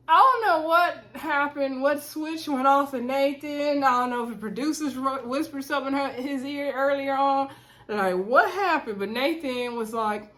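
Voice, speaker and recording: A woman casually reviewing a reality TV episode from home, chatty and quick to laugh, talking straight to her viewers as y'all. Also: high-pitched, a bit bright. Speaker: reality TV recap host.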